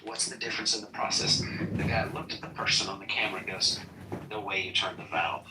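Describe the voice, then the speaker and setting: A man's voice: fairly low pitch, steady tone, brisk, recorded from a distance, background noise. A man hosting a casual political talk show, blunt and full of rhetorical questions. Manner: blunt, rhetorical questions, retells exchanges in quoted voices. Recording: echoey room, off-mic, faint TV behind.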